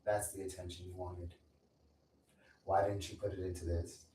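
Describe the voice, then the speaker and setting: A man's voice: low-pitched, little pitch movement, normal speed, dark tone. A man talking as a content creator in a rambling, repetitive mystical monologue that scolds and chants. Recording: roomy echo, far from mic, faint noise.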